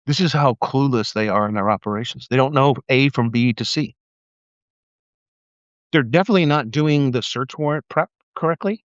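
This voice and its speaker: This ex-police officer has a medium-pitched voice and talks at a normal speed, swearing frequently as he tells stories and rants during a casual livestream. Animated and laughing, he acts out the people he quotes. His livestream mic captures no room sound, and the audio comes across dull.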